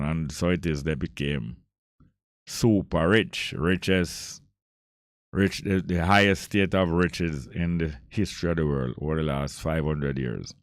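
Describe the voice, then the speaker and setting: Jamaican male radio host, forceful repeating monologue, low resonant voice. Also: clean tone, no echo, clean studio sound. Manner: emphatic, repeats phrases for force.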